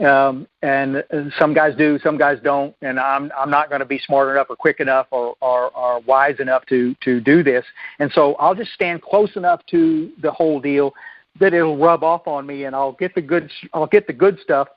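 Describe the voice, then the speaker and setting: A folksy, self-deprecating man with a drawl tells his recovery story at a meeting. His voice sits fairly high for a man, and he stumbles and restarts often. The recording is dull and lo-fi with a dry, close sound. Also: fairly even intonation, normal speed, no echo. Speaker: recovery speaker.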